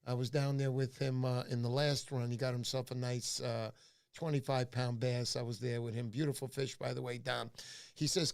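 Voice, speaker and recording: A man's voice: mid-range voice, flat delivery, normal speed, creaky, darkish tone, clear, resonant tone. A man hosting a casual fishing livestream, talking loosely with lots of fillers. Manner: rambling storyteller with many fillers. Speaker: livestream host. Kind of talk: casual live-stream chat.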